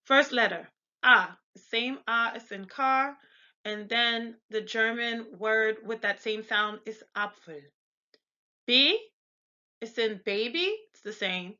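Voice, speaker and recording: A woman with an American accent gives a pronunciation lesson in a bright, fairly high voice. She explains each sound step by step and sometimes stops to correct herself. The audio is a little dull and lo-fi. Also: slow. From United States. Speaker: language tutor.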